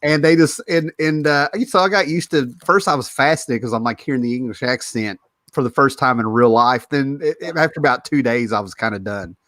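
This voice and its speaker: A man's voice: medium pitch, a little fast, fairly bright tone, no echo, studio quality. A man from the Cumberland Mountains with an Appalachian accent, hosting a casual podcast chat and rambling through his stories with repeated words. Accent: Appalachian American. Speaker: podcast host.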